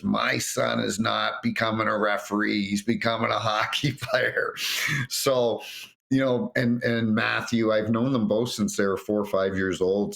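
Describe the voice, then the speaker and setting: A middle-aged man, a retired referee, telling anecdotes on a podcast and acting out quotes with frequent restarts. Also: low voice. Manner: animated storyteller, acts out quotes, frequent restarts. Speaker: retired hockey referee guest.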